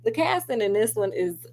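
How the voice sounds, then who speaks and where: A woman gives a loose, animated film review. She talks straight to her viewers and wanders into asides as she goes. A faint hum sits under her mid-range voice. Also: mid-range voice, a little slow. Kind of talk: casual chatty film review. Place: at home doing crafts.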